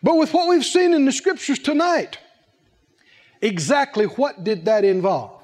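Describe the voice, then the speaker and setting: A man preaching a sermon in an animated, humorous way, laughing often and calling out to the congregation. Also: very high voice, measured pace.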